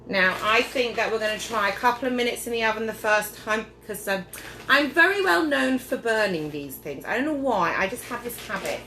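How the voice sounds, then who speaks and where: Fairly high-pitched, bright, and forceful, this woman speaks expressively and fairly quickly while tipsily demonstrating a casual cooking recipe at home. She rambles and drifts off topic, and the indoor kitchen recording is echoey, with clattering dishes and slight background noise.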